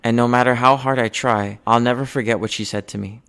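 A young man telling a personal story from his childhood in an earnest, measured way, going quiet on the painful moments. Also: medium pitch, steady tone, clear, resonant tone. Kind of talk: personal spoken-word storytelling.

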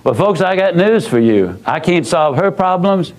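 A man with a high-pitched voice tells a story as a motivational speaker. He talks in a folksy, emphatic way, with repeated phrases and dramatic pauses. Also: big pitch swings, rough recording.

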